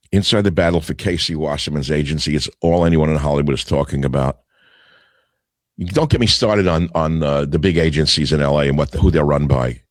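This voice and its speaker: A man's voice: extremely low pitch, no echo. An older man hosting a talk radio show, reading headlines aloud and answering each with sarcastic, scornful asides.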